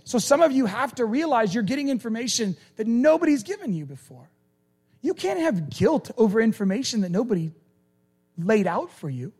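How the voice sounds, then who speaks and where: A middle-aged man preaching a sermon as a pastor, animated and acting out the people he talks about. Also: breathy edge. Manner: animated, acts out people in quick high voices.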